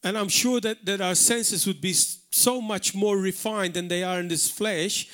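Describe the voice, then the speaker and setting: A man's voice: sits high, steady tone, normal speed, a bit bright. A man preaching a live sermon in church, earnest and emphatic, repeating words for stress. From Malta. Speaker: pastor. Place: church hall, live service.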